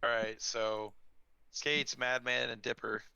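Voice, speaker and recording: Gravelly man running a tabletop game. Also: mid-range voice, little pitch movement, takes it slowly, pushed and bright, dry recording, highs cut off. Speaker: game master.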